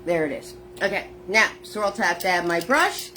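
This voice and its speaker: A woman's voice: fairly low pitch, fairly even intonation, normal speed, bright, forceful tone, a little hiss or hum. A woman teaching a live painting lesson, narrating each step in a chatty way. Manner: chatty, step-by-step narration, greets viewers by name. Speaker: painting instructor. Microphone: phone.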